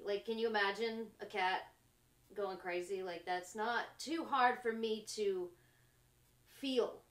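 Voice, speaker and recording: A woman hosting a spiritual talk show, musing slowly in short trailing phrases and laughing often between thoughts. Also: mid-range voice, reverberant. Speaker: podcast host. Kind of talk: reflective spiritual monologue.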